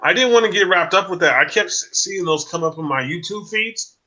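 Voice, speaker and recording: A man in his forties, a guest in a casual chat over a video call, talking in an animated way and often asking "you know what I mean?". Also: sits high, brisk.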